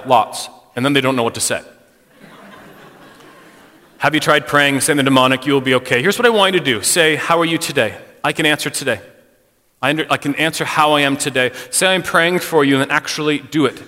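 A middle-aged man speaks to a church congregation in a frank, conversational way, leaning on casual "like"s. His voice is bright and forceful. It carries a long reverb from the hall around him. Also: fairly high pitch. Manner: conversational, frank, personal, uses "like" often. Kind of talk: candid church talk on mental health. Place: church sanctuary.

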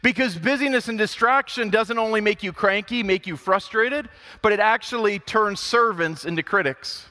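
A man preaching a sermon in a church, animated and acting out grumbling quotes. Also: high voice, normal speed. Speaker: pastor. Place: church sanctuary. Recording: long hall reverb.

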